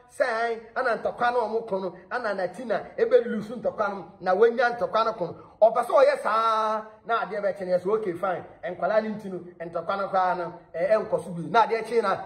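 A man from Ghana hosting a celebrity gossip channel, talking in an animated way and often laughing as he speaks. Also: very high voice, fairly quick. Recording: echoey room.

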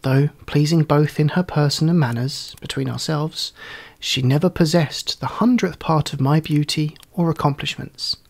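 A man reading a classic story aloud as storyteller, in a measured, theatrical manner suited to period prose. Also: a little high, vocal fry, a little mellow.

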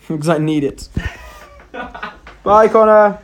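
A man's voice: sits high, very slow, slight background noise. A young man hosting a casual live stream, reading out viewer comments and joking around. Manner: chatty, reads out viewer comments, jokey.

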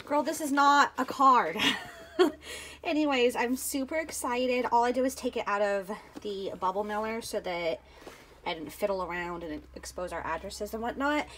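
A woman vlogging a mail unboxing in a gushing, excited, chatty way. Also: a little high, moderate pace, a little hiss or hum. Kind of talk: casual happy-mail unboxing vlog.

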